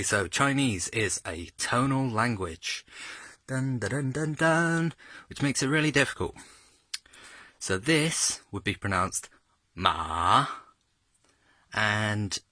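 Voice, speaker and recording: A man talks through a casual video lesson at a slow, easy pace. His voice sits low yet sounds bright and crisp, and the recording is dry and close. He jokes along the way and swings his pitch hard when he demonstrates the tones. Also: dry recording. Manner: chatty and jokey, exaggerates tones when demonstrating. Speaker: self-taught language learner sharing lessons.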